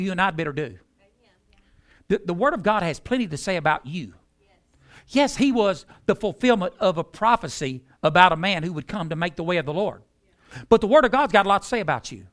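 A man's voice: high-pitched, sharp tone. A man preaching a sermon, emphatic and folksy, stretching words out for drama.

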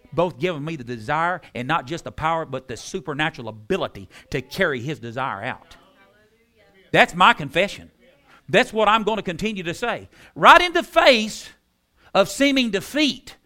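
High, bright preacher man. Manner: emphatic preaching, repeats key phrases, drops to soft tones. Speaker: pastor. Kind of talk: sermon.

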